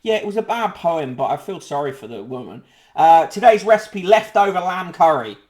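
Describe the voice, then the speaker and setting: A man's voice: fairly high pitch, animated, a little mellow. A man hosting a podcast, casually reviewing newspapers with sardonic asides and frequent swearing. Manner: sardonic, swears freely, halting with fillers.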